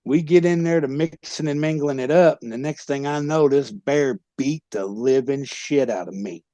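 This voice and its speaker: A former pro wrestler telling a rowdy, profane story as a podcast guest. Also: male voice, mid-range voice, dry recording. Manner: profane, loud tall-tale telling. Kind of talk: animated comic storytelling.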